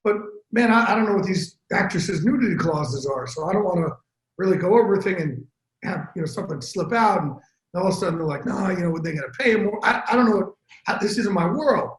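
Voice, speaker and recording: Animated storytelling man, echoey room. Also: high voice. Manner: animated, profane, fast-talking storyteller. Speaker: interview guest, sports broadcaster. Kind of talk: casual storytelling chat.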